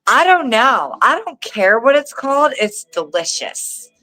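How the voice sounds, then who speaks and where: A woman's voice: fairly high pitch, big pitch swings, unhurried, sharp tone, rough recording. A woman with a Southern US accent, a wrestling guest telling stories in a chatty, self-mocking way, swearing freely. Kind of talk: casual chat.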